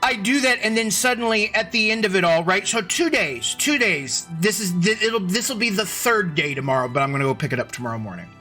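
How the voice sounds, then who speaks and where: Male streamer, high and bright tone, loose rambling chat host, faint music bed. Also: expressive, fairly quick, hardly any pauses. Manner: rambling, restarting sentences, greeting chat by name. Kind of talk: casual live-stream chat. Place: at home computer.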